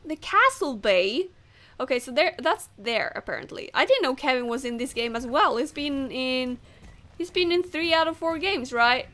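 A gamer who isn't a native English speaker chats casually while playing, often poking fun at herself. Her high voice has a sharp tone and lively intonation, and she talks at a normal speed.

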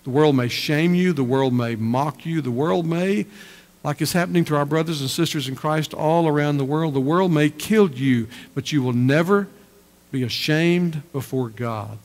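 A man's voice: a little high, normal speed, a little mellow. A man preaching a sermon as pastor, emphatic and repeating his phrases for effect. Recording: church hall reverb.

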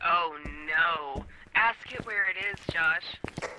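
A woman playing along as a guest co-player, chatty, excitable and quick to poke fun at herself. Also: fairly low pitch, background noise. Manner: chatty, excitable, self-mocking. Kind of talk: casual gaming chat.

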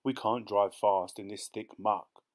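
A smug, teasing old husband, as a male narrator puts him on speaks in a low, curt voice. He brushes things off coldly. It is a storybook reading. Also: fairly even intonation, a little slow, natural voice. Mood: curt, dismissive. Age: older. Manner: curt, dismissive.

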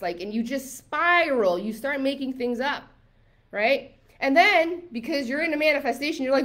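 Animated woman coaching with "like" and "right?". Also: fairly high pitch, fairly quick. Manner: casual and animated, acts out inner thoughts in quoted voices; frequent fillers like "like" and "right?". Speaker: manifestation coach. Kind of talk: motivational masterclass talk.

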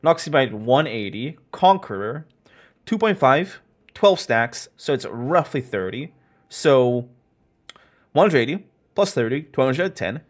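A man's voice: medium pitch, very animated, a little slow. A young man chatting casually over his gameplay, joking and rambling as he plays. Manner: joking, rambling, self-mocking. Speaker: gaming streamer.

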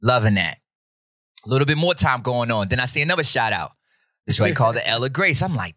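A man's voice: medium pitch, fast, no room sound, clean studio sound. A man hosting a podcast, telling a casual, slangy story and acting out the other people's voices. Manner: animated, slangy, acts out quoted voices. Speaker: podcast host.

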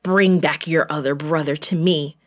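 A woman voicing a stern, powerful man who tests his brothers, speaking low and commanding in a children's Bible story. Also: fairly even intonation, normal speed, lightly acted.

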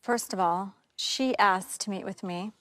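A woman's voice: mid-range voice, measured pace, a bit bright, no room sound. Woman, blunt, matter-of-fact, mid-range voice. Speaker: reality show cast member. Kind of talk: explaining herself at a reunion.

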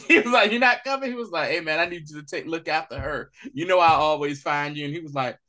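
A man co-hosting a casual recap podcast, animated and laughing as he acts out scenes in quick voices. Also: a little high. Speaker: podcast co-host.

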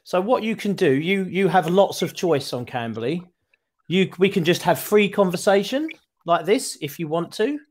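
A man's voice: high-pitched, expressive, moderate pace. A man working as an online English tutor, explaining things in a friendly way with frequent restarts, heard over a video call. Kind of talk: casual tutoring chat.

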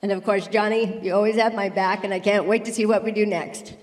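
A woman's voice: mid-range voice, fairly even intonation, brisk, a little mellow, big-room sound. A middle-aged woman giving a heartfelt, emotional award acceptance speech in a large circus tent.

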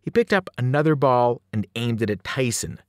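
A man, a teacher, reading a novel aloud with dramatic, animated storytelling. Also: medium pitch, normal speed, no echo, studio quality. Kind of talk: novel read-aloud narration.

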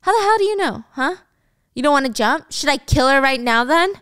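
A woman's voice: high-pitched, animated, moderate pace, dry recording, studio quality. A woman voicing a snarling, violent teen boy. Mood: menacing. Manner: snarling, cursing threats. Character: violent, threatening teenage boy.

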